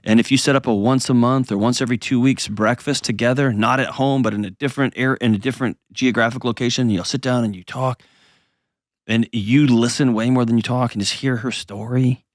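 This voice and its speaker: A man's voice: medium pitch, fairly even intonation, fairly quick, no echo, studio quality. A man hosting an advice show, talking earnestly and reassuringly to a caller. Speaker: host.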